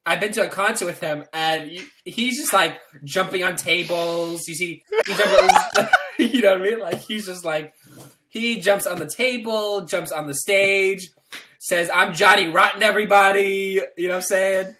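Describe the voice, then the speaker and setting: A man's voice: high-pitched, normal speed, background noise. A man chatting as a podcast guest, rambling and laughing while he tells stories. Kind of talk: casual chat.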